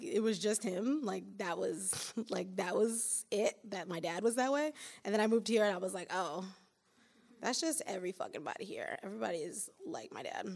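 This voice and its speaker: Casual, profane woman poet chatting. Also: medium pitch. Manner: casual, profane, laughing asides. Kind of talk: casual talk between poems at a reading.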